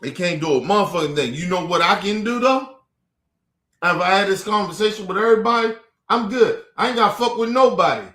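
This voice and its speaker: On a stream, a man with a high, sharp voice unleashes a heated, profane rant in an echoey room. He talks straight to his viewers and repeats himself over and over.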